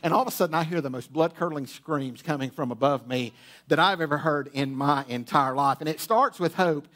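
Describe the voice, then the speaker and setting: A man's voice: a little high, a little fast, a bit bright. A pastor preaching to his congregation, telling a humorous personal story with lots of restarts and asides, in a church auditorium. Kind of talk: storytelling sermon. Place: church auditorium with sound booth.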